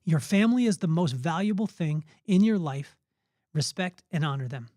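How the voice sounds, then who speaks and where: A man's voice: on the high side, lively intonation, normal speed, darkish tone, no room sound, clean studio sound. A middle-aged man hosting a podcast, giving an earnest, preachy motivational faith talk with spontaneous storytelling. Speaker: podcast host.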